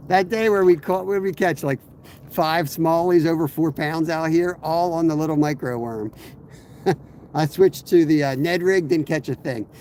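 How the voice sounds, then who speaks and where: A man, hoarse from a cold, chatting casually to live viewers while fishing from a kayak on a river, rambling and greeting people by name. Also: fairly high pitch, a little slow, a little mellow, slight background noise. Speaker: fishing streamer.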